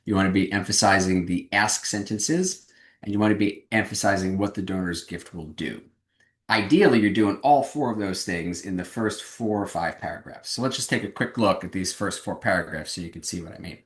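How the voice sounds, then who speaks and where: A man's voice: low-pitched, a little fast, echoey room. A man giving a webinar presentation on fundraising, speaking energetically and emphatically over a video call.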